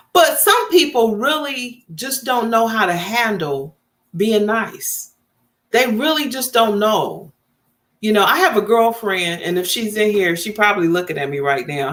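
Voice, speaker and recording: Animated woman telling stories with big swoops. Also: fairly low pitch. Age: 50s. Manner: animated storytelling, laughing, dramatic swoops. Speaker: vlogger. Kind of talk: casual live-stream chat.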